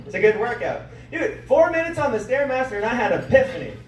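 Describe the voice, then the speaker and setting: On a comedy club stage, a man performs stand-up, animatedly telling stories and acting out what his friends said. His voice is extremely high and sing-song and he talks fast, picked up from a distance in an echoey room with a little hiss or hum.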